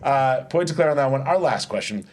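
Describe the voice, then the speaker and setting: A man's voice: mid-range voice, animated, a little fast. A man hosting a comedy panel quiz, chatty and rambling, laughing through his lines. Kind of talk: casual comedic panel chat.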